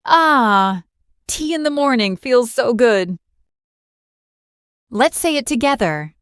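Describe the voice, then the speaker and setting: A woman teaching a slow beginner English lesson, speaking clearly and repeating each word for the learner. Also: on the high side, expressive, dry recording. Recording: dry close voice with faint music. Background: faint background music.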